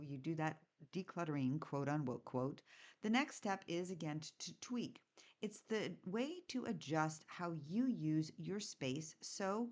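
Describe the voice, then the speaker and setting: Chatty woman podcast host, lowish voice. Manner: chatty, lively, asks listeners direct questions. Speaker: podcast host and home organizer. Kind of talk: casual solo podcast talk.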